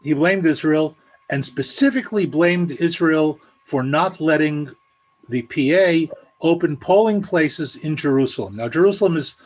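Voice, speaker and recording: A man giving a measured, explanatory analysis with dry, sarcastic asides over a video call. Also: a little high, dull audio. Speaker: guest analyst. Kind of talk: spoken analysis at an online meeting.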